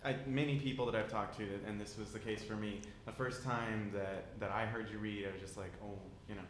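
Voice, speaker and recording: A man's voice: fairly low pitch, steady tone, brisk, echoey room, slight background noise. A man interviewing a poet, asking questions in a rambling way while searching for words.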